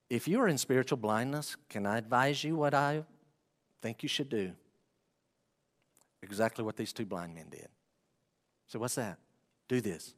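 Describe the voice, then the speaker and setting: A man's voice: lowish voice, moderate pace, long pauses. Man preaching in a reverberant hall. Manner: swings from hushed to loud pleading, acts out prayers. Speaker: pastor. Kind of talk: sermon.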